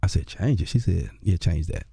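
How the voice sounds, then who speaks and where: A man, a comedian and radio host, telling a lively story in a conversational interview, acting out other people's voices with bursts of laughter. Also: deep voice, brisk, vocal fry, breathy edge, dry recording, studio quality.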